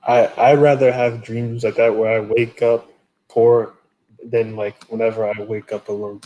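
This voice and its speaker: A man's voice: medium pitch, little pitch movement, a little slow, mellow, muffled recording. A young man telling dream stories in a rambling, profane casual chat.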